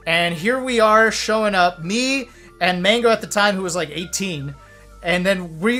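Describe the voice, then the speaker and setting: A man in his thirties, a streamer telling stories to a webcam in an animated, profane way, laughing now and then. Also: high voice. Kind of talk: casual storytelling to camera.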